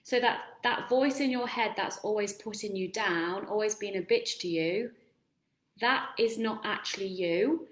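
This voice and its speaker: A woman's voice: medium pitch, unhurried. A woman coaching viewers in a casual live-stream talk, earnest and encouraging, asking them lots of questions. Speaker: self-help coach. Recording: roomy echo.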